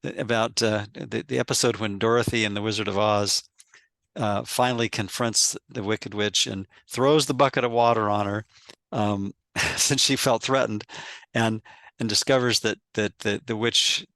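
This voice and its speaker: A man hosting a reflective spiritual conversation, halting and repeating words as he searches for phrasing. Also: fairly low pitch, steady tone, fairly bright tone, no room sound. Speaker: host and author.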